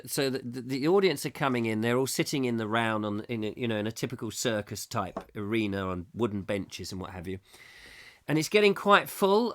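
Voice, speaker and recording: A man's voice: mid-range voice, a bit bright. A man, hosting a live comic chat show and telling a meandering story full of restarts. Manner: meandering, with many restarts, acting out scenes. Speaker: host.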